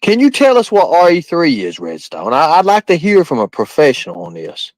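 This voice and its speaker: A man talking casually on a live stream, his voice a little higher than most and swinging up and down a lot as he goes. He rambles, repeats himself and keeps firing questions at his viewers. The sound is dry and close. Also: wildly swooping pitch, fairly quick, dry recording, rough recording. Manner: rambling, repetitive, quizzing the chat. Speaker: livestream host.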